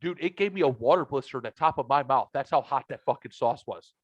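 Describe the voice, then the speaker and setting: A man's voice: medium pitch, lively intonation, quick pace, darkish tone, no room sound, muffled recording. A man hosting a podcast, telling a rambling, profane story and acting out both sides of the conversations himself. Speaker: podcast host. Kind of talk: casual chat. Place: home basement room.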